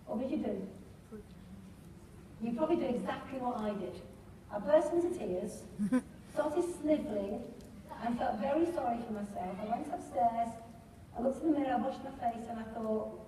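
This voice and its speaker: A middle-aged woman tells a motivational story to a hall full of people and keeps asking them questions. Her voice sits a little high and sounds mellow. She is heard from far off in a big echoey hall. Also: moderate pace, slight background noise. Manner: lively storyteller who asks the audience questions. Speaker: speaker at a business training event. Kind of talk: motivational storytelling talk to a live audience. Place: large hall with a live audience.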